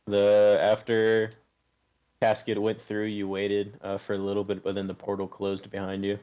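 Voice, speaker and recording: Young man running a tabletop game, low-voiced. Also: completely flat delivery, dark tone, smooth. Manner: halting, full of fillers and restarts. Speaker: game master.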